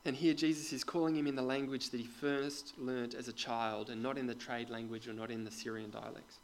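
A man's voice: medium pitch, level tone, a little fast, poor audio. Conversational man preaching a sermon. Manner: conversational, addresses the congregation directly with questions; drops to quiet asides. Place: church with a congregation.

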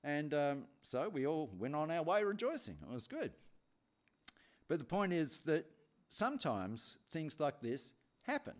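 A man's voice: fairly high pitch, big pitch swings, measured pace. A man preaching a sermon, telling a story with many repetitions.

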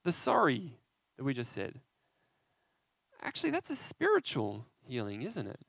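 A man preaching an interactive sermon, animated and conversational, often asking his listeners questions. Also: medium pitch, moderate pace, vocal fry, breathy edge, no echo.

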